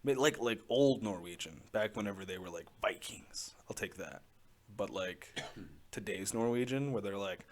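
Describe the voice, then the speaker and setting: A man's voice: fairly low pitch, moderate pace. A young man hosting a podcast, talking in casual chat that rambles with many fillers and frequent laughs. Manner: rambling, full of "like", laughs often. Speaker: podcast host.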